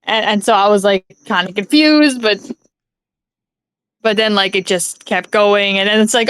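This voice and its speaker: A woman's voice: medium pitch, very animated, moderate pace, fairly bright tone, clean tone. A woman streamer chatting casually about a movie, rambling with lots of fillers, laughs and swearing.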